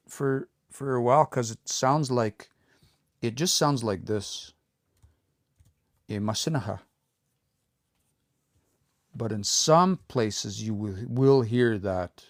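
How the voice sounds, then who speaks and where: A man giving a casual live-streamed language lesson, explaining step by step and repeating words slowly, with relaxed, informal phrasing. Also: mid-range voice, no room sound, clean studio sound. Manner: relaxed, informal, says y'all and eh. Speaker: language teacher.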